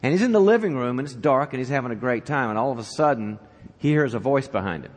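A man's voice: medium pitch, fast talker. Man, church leadership talk, audience questions, long reverb in a large hall. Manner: animated storyteller, conversational, asks the audience questions.

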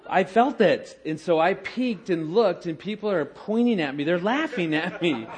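A man's voice: high voice, moderate pace. Self-mocking man telling a funny story. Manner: animated, self-mocking, acts out quoted dialogue. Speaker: speaker telling a story with his wife. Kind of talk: humorous storytelling to an audience.

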